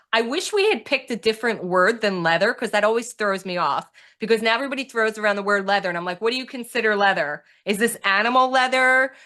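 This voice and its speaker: A woman hosts a podcast in a casual, conversational way, her voice bright and a little high. She leans into emphatic asides between questions. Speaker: podcast host.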